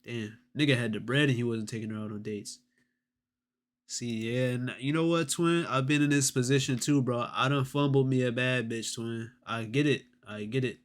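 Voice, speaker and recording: A man's voice: mid-range voice, steady tone, normal speed. Slangy, sarcastic male streamer. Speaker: streamer host. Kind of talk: casual reaction commentary.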